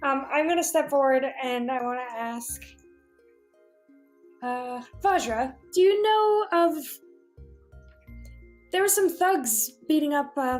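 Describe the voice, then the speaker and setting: A woman playing a tabletop role-playing game who talks casually and haltingly. Her voice sits high, and quiet music runs in the background. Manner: chatty, hesitant, with fillers. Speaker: player.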